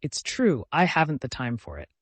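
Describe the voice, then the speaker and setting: A man voicing a gentle, modest older aristocratic gentleman in an audiobook, polite and self-deprecating. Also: fairly high pitch, huge pitch swings, normal speed, breathy edge, no echo, exaggerated voice. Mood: earnest.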